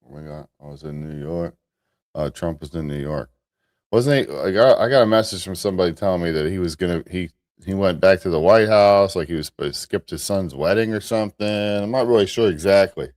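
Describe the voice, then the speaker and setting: A man's voice: sits low, fairly quick, a little mellow, no echo, clean studio sound. An American man hosting a live morning commentary show, rambling casually with restarts and chuckling at himself.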